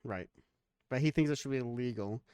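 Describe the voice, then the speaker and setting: A man's voice: medium pitch, fairly quick, mellow, clear, resonant tone, no room sound. A man hosting a podcast, bantering casually with jokes and a lot of swearing. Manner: joking, profane banter. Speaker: podcast host.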